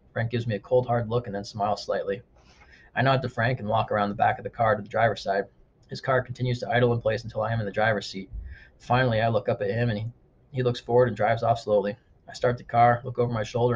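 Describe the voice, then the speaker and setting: Fast-reading male audiobook narrator. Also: lowish voice. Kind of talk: first-person audiobook narration. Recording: dull lo-fi recording with faint noise.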